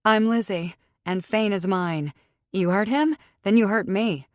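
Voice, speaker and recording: A woman's voice: medium pitch, unhurried, no echo, studio quality, voice pushed up, lightly acted. A woman voicing a petite, feisty young female werewolf with a sarcastic edge in an audiobook reading. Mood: fierce.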